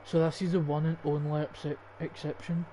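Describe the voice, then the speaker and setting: A man's voice: on the high side, level tone, normal speed, dark tone, slight background noise, rough recording. A young Scottish man in his late teens, casually commentating on a football game, swearing and thinking aloud as he picks players. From Scotland. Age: young adult. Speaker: gaming YouTuber.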